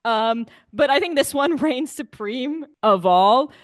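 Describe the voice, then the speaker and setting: A woman's voice: high-pitched, animated, slow, no echo, studio quality. A woman co-hosting a podcast, talking about films in a giggly, enthusiastic way. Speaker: podcast co-host. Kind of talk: casual film review chat.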